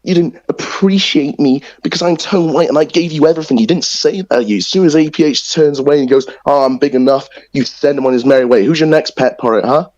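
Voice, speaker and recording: A man's voice: on the high side, fast talker, few pauses, darkish tone, highs cut off. A man cutting an aggressive, profanity-heavy wrestling promo in character over voice chat. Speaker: wrestler in online league press conference. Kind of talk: in-character trash-talk promo.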